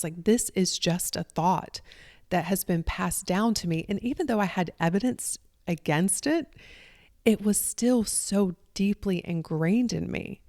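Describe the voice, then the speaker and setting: A woman's voice: on the low side, dry recording, studio quality. Earnest Southern woman podcast host. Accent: Southern US country. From Southern United States. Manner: warm, earnest, conversational. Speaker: podcast host, life coach. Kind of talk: solo podcast monologue.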